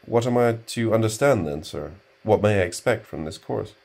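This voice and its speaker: A man voicing an indignant, pompous male graduate student who speaks in a stiffly formal way and takes offense quickly. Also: lowish voice, lively intonation, gravelly, a little mellow, voice pushed up.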